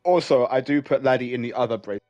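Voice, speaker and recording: Casting: mid-pitched man, dry close mic, deadpan tabletop player. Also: very fast, no room sound, lo-fi sound, soft background music. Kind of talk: tabletop game chat.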